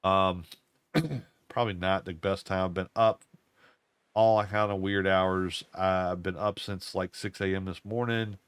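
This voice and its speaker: This is casual storytelling over gameplay from an older man who runs a gaming channel, rambling and folksy with plenty of repetition. He speaks a little slowly in a low-pitched, steady, clean voice, recorded at home with no room sound.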